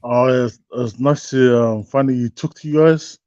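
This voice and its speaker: A man from New Zealand with a New Zealand accent, calling into a casual chat and talking in a relaxed, hesitant way. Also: medium pitch, normal speed, smooth, no room sound, muffled recording. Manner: laid-back, hesitant with fillers. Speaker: caller.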